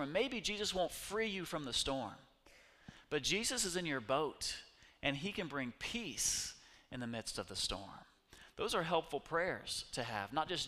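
A man preaching a sermon as pastor, his delivery swinging from hushed whispers to loud, urgent bursts. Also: fairly high pitch, animated, measured pace, big-room sound.

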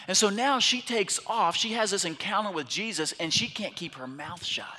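A man in his thirties preaching a sermon as a pastor, animated and telling stories, swinging between loud bursts and hushed asides. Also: high-pitched, normal speed, few pauses. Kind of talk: sermon with storytelling. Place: church sanctuary. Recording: long reverb of a large hall.

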